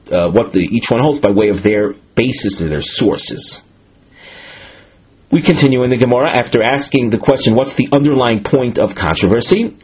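A man's voice: medium pitch, husky, lo-fi sound. A man teaching a Talmud study lesson, explaining step by step with frequent restarts and Hebrew terms.

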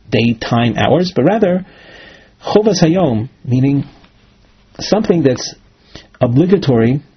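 Talmud teacher, male, husky, middle pitch, reads and translates on a muffled recording. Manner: reads Aramaic phrases then translates. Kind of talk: text-based lecture. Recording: dull lo-fi recording.

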